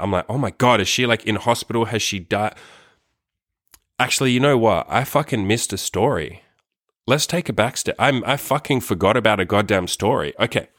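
A young man with a fairly low voice tells a personal story, rambling and profane, leaning on "like" in almost every sentence. His voice is recorded dry and close on a microphone, with no room sound. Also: a bit bright, no echo. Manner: rambling, profane, heavy use of "like". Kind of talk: casual storytime monologue.

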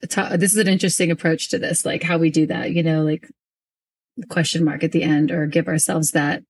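A young adult woman hosting a casual podcast interview as a business coach, talking in an animated way and often repeating herself as she works through her thoughts. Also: sits low, a little fast, husky.

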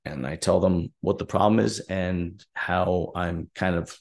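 Low-voiced man telling an aggrieved story. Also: fairly even intonation, measured pace, vocal fry, darkish tone. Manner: direct, aggrieved, recounting dialogue. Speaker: podcast host. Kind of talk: casual storytelling monologue.

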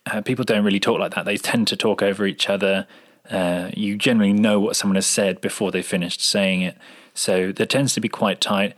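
A man's voice: lowish voice, steady tone, fairly quick. A man, a sound designer, explaining editing advice in an interview answer and acting out example lines. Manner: explanatory, acts out example dialogue.

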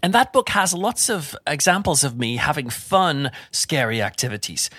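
A middle-aged man giving an informal Bible talk in a chatty, animated way with self-deprecating humour. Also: on the high side, normal speed, slight background noise. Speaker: preacher.

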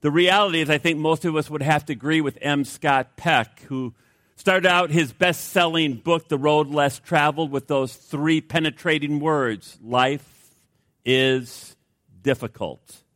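A man's voice: on the high side, steady tone, normal speed. Man preaching a sermon, folksy then earnest. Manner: folksy joke telling, then hushed earnest prayer. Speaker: pastor.

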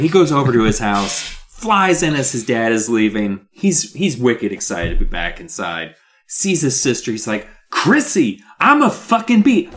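Lively, animated man co-hosting. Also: mid-range voice. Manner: animated, jokey, acts out characters in quick voices. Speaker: podcast co-host. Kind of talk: casual chat recapping a book.

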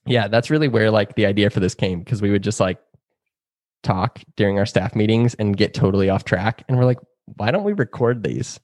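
A man's voice: lowish voice, steady tone, fairly quick, a little mellow, no room sound, clean studio sound. A young man co-hosting a podcast in a casual, chatty way, laughing often and filling his talk with "like". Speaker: podcast co-host. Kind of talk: casual chat.

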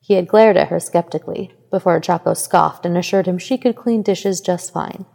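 A woman narrating a fan fiction story in a steady, even reading voice. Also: on the low side, normal speed, creaky, long reverb tail. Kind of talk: scripted narration.

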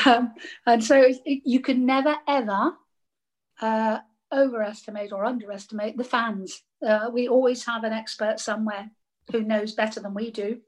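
An older woman, a radio actress, telling lively anecdotes in casual chat and laughing often. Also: on the high side, moderate pace.

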